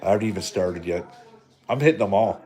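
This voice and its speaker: Rambling and cracking jokes full of swearing, a middle-aged man from Canada rants casually on his live stream. He speaks fast in a low, slightly mellow voice.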